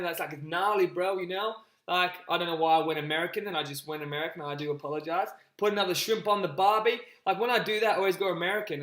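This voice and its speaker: A man coaching a group on a live call, energetic and repetitive, often calling his listeners guys. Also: fairly high pitch, reverberant, low-quality recording. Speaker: business coach.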